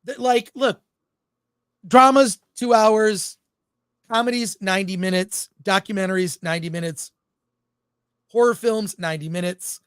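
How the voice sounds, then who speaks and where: A man's voice: high voice, normal speed, clean tone, no echo. Dry-voiced, opinionated male film podcaster. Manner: opinionated, animated, reads out live chat comments. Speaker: podcast co-host. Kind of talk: casual film review chat.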